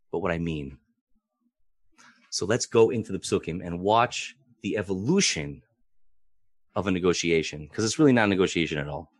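A man's voice: fairly low pitch, fairly bright tone, no echo, clean studio sound. A man teaching a Bible class in a theatrical, questioning way, acting out the figures in the text. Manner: theatrical, questioning, acts out quotes. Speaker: Torah teacher.

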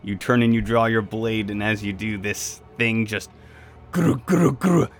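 A man's voice: fairly low pitch, little pitch movement, moderate pace, fairly bright tone, faint music behind. A man narrating a tabletop game as game master, describing scenes vividly and making sound effects.

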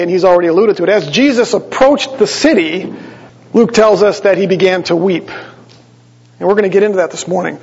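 A man's voice: high-pitched, breathy edge. A man preaching a sermon to his congregation, explaining the text conversationally and with small asides to the listeners. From Wisconsin. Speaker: pastor. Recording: dull lo-fi sound with long church reverb.

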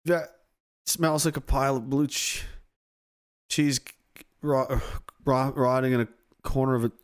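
A man's voice: mid-range voice, steady tone, unhurried. A man hosting a livestream, reading chat and ranting heatedly with lots of swearing. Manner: profane, heated, swings from yelling to groaning.

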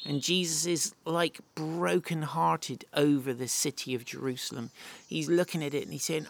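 A man with a slightly higher-pitched voice delivers a sermon. He reads passages aloud and then unpacks them with lively, chatty asides. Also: moderate pace, gravelly. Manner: animated, reads verses then explains them conversationally. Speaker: preacher. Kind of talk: sermon with scripture reading.

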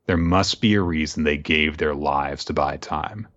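A man voicing a ruthless male military commander who gives gruff, clipped battle orders. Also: a bass voice, a little slow, a bit bright, muffled recording, pitched below the performer's own voice. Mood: grim resolve.

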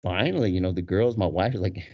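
A man telling a casual story with animated energy, laughing often and acting out the voices of the people in it. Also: low voice, quick pace. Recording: dull lo-fi recording.

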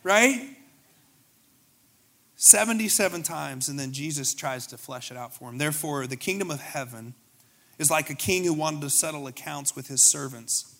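Bright-voiced animated young male preacher. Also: medium pitch, normal speed. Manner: animated, conversational preaching with asides and jokes. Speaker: pastor. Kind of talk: sermon.

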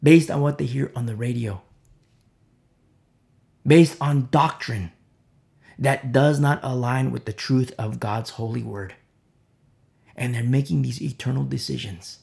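Male preacher, informal sermon, heartfelt and rambling, gravelly voice at a middle pitch. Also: measured pace, long pauses, darkish tone. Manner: impassioned, rambling with many fillers.

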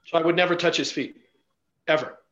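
A man speaking a little higher than most men, telling personal stories as an interview guest. He talks bluntly and swears freely, with lots of "you know" and "like". The recording sounds dull and lo-fi. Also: fairly even intonation, fairly quick, fairly bright tone, slight background noise. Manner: blunt and profane, with frequent fillers. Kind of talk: casual storytelling.

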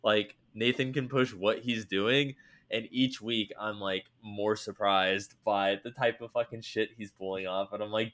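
A man's voice: on the low side, fairly even intonation, unhurried, fairly bright tone. A man co-hosting a casual podcast, telling stories animatedly and swearing freely. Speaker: podcast co-host. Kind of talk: casual chat.

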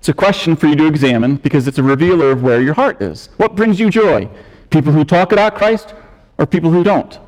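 Earnest pastor preaching in a reverberant church. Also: male voice, on the high side, lively intonation, a little fast, a little mellow. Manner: earnest, conversational preaching with varied emphasis. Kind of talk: sermon. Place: church sanctuary.

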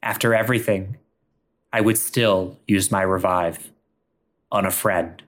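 A man's voice: fairly even intonation, measured pace. Merle, a solemn, loyal friend, played by a man. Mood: heartfelt. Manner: solemn, heartfelt, low.

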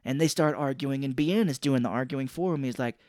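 Guy on a podcast going through a movie plot, lively storytelling, dry close sound. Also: brisk, no echo. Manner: animated retelling, jumps into squeaky put-on voices for characters. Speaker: podcast co-host. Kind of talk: casual movie recap chat.

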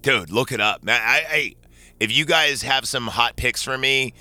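A young man co-hosting a casual movie recap podcast, excitable and profane, acting out lines from the film. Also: medium pitch, normal speed, no echo. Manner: excitable, profane, acts out quotes. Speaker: podcast co-host.

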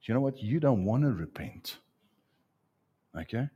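The pastor's mid-range voice is unhurried and slightly rough, and the recording has its highs cut off. Preaching to a congregation, he tells animated stories and calls people up for a live demonstration.

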